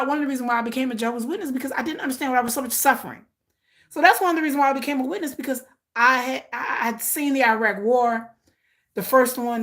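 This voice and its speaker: Chatty woman in her forties, animated. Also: high voice. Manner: animated storytelling, acts out quotes. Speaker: commentary vlogger. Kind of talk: casual chat to viewers.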